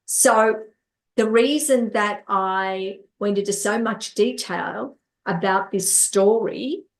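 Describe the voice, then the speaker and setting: Taking it slowly in a medium-pitched voice, a woman who works as a life coach and therapist tells personal stories in an interview. She repeats words and acts out the dialogue of others.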